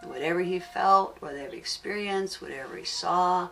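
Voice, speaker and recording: A woman's voice: fairly low pitch, moderate pace, gravelly, few pauses. A woman teaching on an audio CD, telling a story earnestly and stressing and repeating key words. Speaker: spiritual teacher. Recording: distant mic with music underneath.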